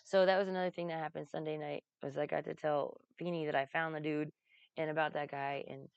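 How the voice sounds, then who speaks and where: Low-voiced woman telling rambling stories. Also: level tone, brisk, gravelly, smooth, no echo, muffled recording. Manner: rambling, laughs often, swears freely. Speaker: vlogger recounting a comedy festival. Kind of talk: casual storytelling.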